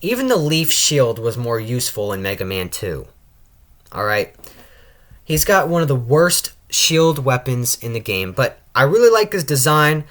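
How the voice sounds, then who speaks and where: A man's voice: mid-range voice, big pitch swings, measured pace, a bit bright. A young man giving casual tier-list commentary on his own channel. He stammers and restarts his sentences often. He keeps tacking on a questioning "all right?" as he goes. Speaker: channel host ranking video game characters.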